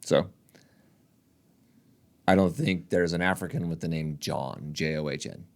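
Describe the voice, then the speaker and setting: A man's voice: rumbling low, steady tone, unhurried, creaky. A man co-hosting a casual running podcast, joking, teasing and laughing often. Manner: laughs often, jokes and teases. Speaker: podcast co-host. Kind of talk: casual chat.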